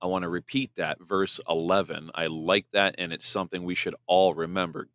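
A man with a fairly low voice hosts his own podcast, speaking bluntly and with emphasis. When he reads scripture he slows down and turns solemn. The sound is close and dry, with no room in it. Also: level tone, a bit bright, dry recording. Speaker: podcast host. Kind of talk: podcast monologue with scripture reading.

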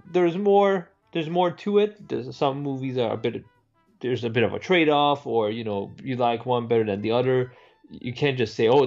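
Gravelly man co-hosting a film podcast. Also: medium pitch, a little mellow, highs cut off. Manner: swears freely, bantering. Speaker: podcast co-host. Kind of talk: casual film discussion.

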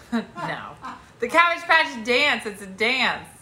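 Woman, game host, teasing, laughs a lot, lively pitch, echoey room. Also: slow. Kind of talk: playful trivia game chat.

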